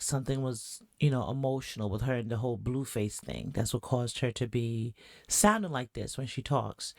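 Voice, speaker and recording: Woman, podcast host, chatty reaction commentary, animated, dry recording. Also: low voice, no room sound. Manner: chatty, animated, asks the audience questions.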